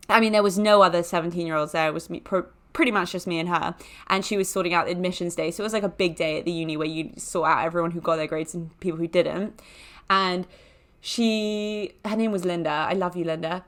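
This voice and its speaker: A woman's voice: fairly low pitch, brisk, a bit bright. A young woman, hosting a podcast and telling a personal anecdote casually, full of fillers and self-mocking jokes. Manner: chatty, filler-heavy with jokey self-mocking asides. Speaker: podcast host.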